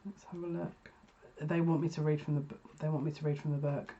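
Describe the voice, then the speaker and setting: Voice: medium pitch, level tone, fast, dark tone, lo-fi sound, a little hiss or hum. A psychic reader giving a casual, rambling card reading to viewers, often breaking off mid-sentence. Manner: chatty, rambling, self-interrupting.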